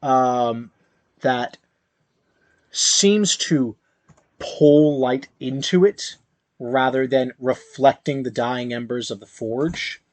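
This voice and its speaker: A man narrating a tabletop game as game master, in slow, halting speech with fillers. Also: mid-range voice, darkish tone, dry recording.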